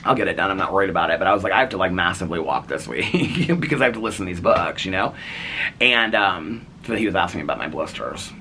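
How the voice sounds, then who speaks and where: Chatty man with a lively, bright voice. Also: low-pitched, fast, slight background noise. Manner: rambling, chatty, frequent fillers and laughs. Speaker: vlogger. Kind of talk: casual vlog chat. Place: home. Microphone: camera on tripod.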